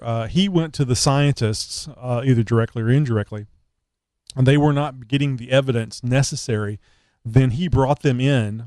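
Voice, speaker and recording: A man co-hosting a live talk show, joking and rambling in casual chat with frequent pauses and fillers. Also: mid-range voice, darkish tone, no echo. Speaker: co-host.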